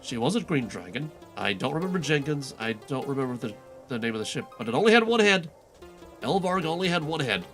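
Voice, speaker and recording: A man's voice: medium pitch, fairly quick, soft background music, voice pushed down. A man doing a sarcastic nitpicking adventurer. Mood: exasperated. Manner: dry corrections, deadpan. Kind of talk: fan voice-over of a game quest.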